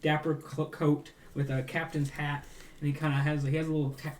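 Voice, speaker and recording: A young man narrating as game master of a tabletop game, casual and halting with fillers. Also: a little high, level tone. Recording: distant mic with faint noise.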